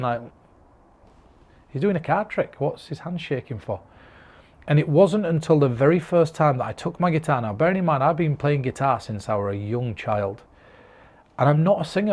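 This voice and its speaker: A man from northern England records himself on camera and speaks directly to the viewer. His voice sits a little high for a man. His delivery is earnest and encouraging, like a performer passing on practical advice. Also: darkish tone. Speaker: mentalist giving performance advice.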